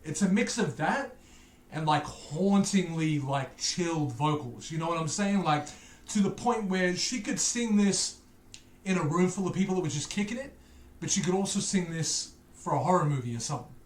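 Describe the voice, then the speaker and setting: A man's voice: on the high side, expressive, normal speed, reverberant. A man with a Liverpool accent tinged by Australian, casually commenting on a music video, joking and ranting playfully with stammered repeats. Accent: Liverpool, softened by Australian. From Liverpool, England. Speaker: music reaction host.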